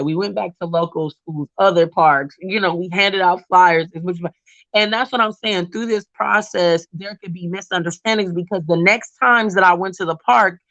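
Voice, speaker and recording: A woman's voice: medium pitch, no echo, rough recording. A woman telling a story in a casual video-call chat, acting out the voices of the people in it and saying "like" often. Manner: animated, acts out quoted voices, frequent "like". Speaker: panel guest.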